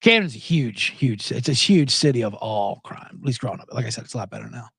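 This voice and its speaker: Man, podcast host, rambling casual storytelling, lively up-and-down pitch, dry sound. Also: a little fast, creaky, breathy edge, dry recording. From South Jersey, USA. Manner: rambling storyteller, acts out people's lines in loud higher voices. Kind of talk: casual chat.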